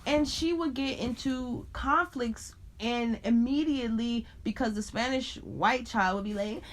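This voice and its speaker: A woman from Chicago in her thirties, a podcast guest telling stories in a lively, expressive way, acting out quotes and laughing often. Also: fairly high pitch, unhurried. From Chicago, USA. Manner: animated, expressive storyteller who laughs often and acts out quotes. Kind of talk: casual storytelling interview.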